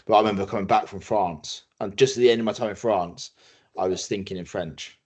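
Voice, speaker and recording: Low-voiced English man telling stories. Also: brisk, a little mellow, breathy edge. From England. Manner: storytelling with many restarts, acting out quoted voices. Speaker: guest, rugby player. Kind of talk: casual podcast conversation.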